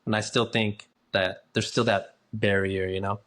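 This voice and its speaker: A man's voice: fairly low pitch, flat delivery, moderate pace, a bit bright. A talkative, easygoing man, chatting casually as a guest in an interview about his work. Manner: talkative, easygoing, acts out quoted voices. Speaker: guest, dental hygienist.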